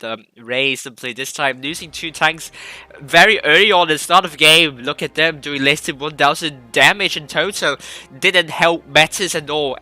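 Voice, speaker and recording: Male esports caster, very bright voice, dead dry close mic, loose rambling play-by-play. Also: on the high side, dry recording. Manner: rambling, self-correcting play-by-play with hiccups. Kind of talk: live game commentary.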